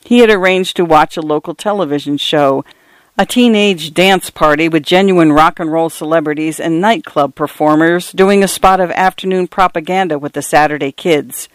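Male narrator, measured literary reading, slightly high voice, dry close sound. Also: clean tone, dry recording. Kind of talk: audiobook narration.

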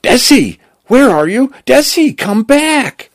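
A man voicing a young, innocent AI boy who speaks softly, close to tears. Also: low voice, very animated, takes it slowly, slightly rough, heavily acted. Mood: desperate. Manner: soft, tearful.

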